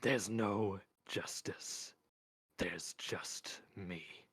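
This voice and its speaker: A man voicing an intense young man who speaks quietly and evenly with a cold edge, reading a story aloud. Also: lowish voice, moderate pace, no echo, clean studio sound, close to an everyday voice. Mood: menacing. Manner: quiet, even, menacing.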